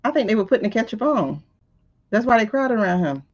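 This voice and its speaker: Her voice is a little high, very animated, and quick-paced. As the host of a live tarot stream heard through lo-fi audio, she reacts to footage she's watching with casual, exasperated commentary, answering it back as it plays.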